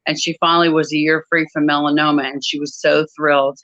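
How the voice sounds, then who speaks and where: A woman guest in an interview, telling a personal story in a measured, reflective way with frequent pauses. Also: deep voice, level tone, fairly bright tone, no echo, lo-fi sound. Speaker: author and guest.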